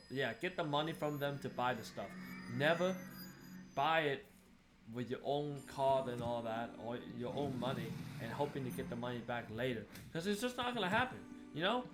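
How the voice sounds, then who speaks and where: A man's voice: mid-range voice, normal speed, over music. A young man venting about being swindled while he plays a game, in casual, exasperated commentary. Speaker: gaming streamer.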